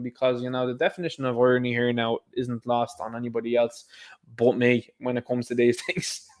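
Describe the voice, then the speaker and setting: Irish male host, mid-pitched, sardonic, rambling ranter, casual delivery. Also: steady tone, moderate pace. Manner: sarcastic, rambling, with asides. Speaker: commentary show host. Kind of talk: casual opinion commentary.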